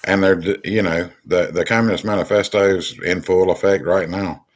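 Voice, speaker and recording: Deep, low-pitched male host; exasperated, rambling commentary delivery. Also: steady tone, moderate pace. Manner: rambling, many ums and restarts, exasperated. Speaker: channel host. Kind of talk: political commentary monologue.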